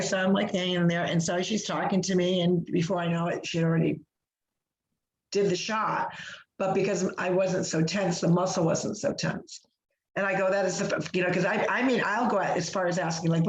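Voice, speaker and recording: A woman co-hosting a podcast, telling a long personal story in a chatty, animated way with lots of fillers and restarts. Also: lowish voice, fairly quick. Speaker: podcast co-host. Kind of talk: casual podcast chat. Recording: roomy echo.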